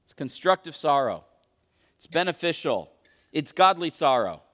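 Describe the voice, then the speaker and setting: A man preaching a sermon as pastor, questioning the congregation and swinging between loud emphasis and hushed intensity. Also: on the high side, sing-song, normal speed. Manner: questions the congregation and calls for answers. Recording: long reverb of a large hall.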